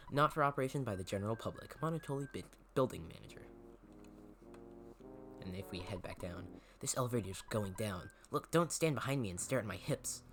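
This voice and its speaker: A man's voice: lowish voice, fairly bright tone. Man casually commenting a game playthrough. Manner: casual, wry asides. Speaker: gaming channel host. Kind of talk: let's play commentary. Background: game music.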